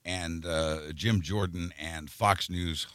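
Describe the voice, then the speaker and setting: A man's voice: deep voice, steady tone, takes it slowly, fairly bright tone, clean tone, dry recording. A man co-hosting a political podcast, talking emphatically and often repeating words as he builds a point. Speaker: podcast co-host. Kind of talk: casual political chat.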